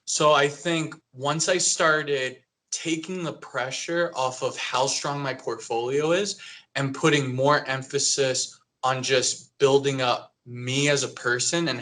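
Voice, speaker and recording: A man's voice: medium pitch, bright, forceful tone. A young man from New Jersey, an animator guest on a podcast, talking in a loose, rambling way with lots of "like.". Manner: rambling, heavy use of "like". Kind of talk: casual interview chat.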